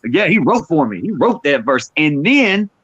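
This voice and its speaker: A man's voice: fairly high pitch, moderate pace, slightly rough, no room sound, highs cut off. A man, a rapper guest telling stories in casual interview chat and acting out quotes. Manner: animated storyteller, acts out quotes.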